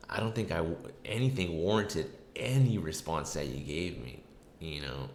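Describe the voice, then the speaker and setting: Man, very low voice, casual podcast host, rambling profane storytelling, echoey room, faint hiss. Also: normal speed, creaky. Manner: rambling, profane, many fillers.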